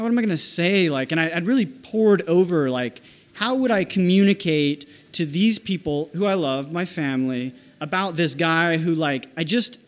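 Man with a slightly high voice, reflective. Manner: halting, reflective, full of "like" and restarts. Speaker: storyteller. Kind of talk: personal storytelling.

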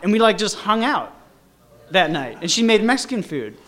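With a high-pitched, bright, sing-song voice and a forceful tone, a man tells a personal story at a moderate pace. It's a casual, meandering account, riddled with "like" and "you know," and he restarts often.

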